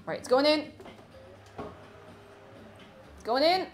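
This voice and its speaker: A woman's voice: high voice, animated, slow, faint music behind. A woman chatting casually while she bakes in her home kitchen during a livestream, gushing about food and reading viewer comments aloud. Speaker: streamer.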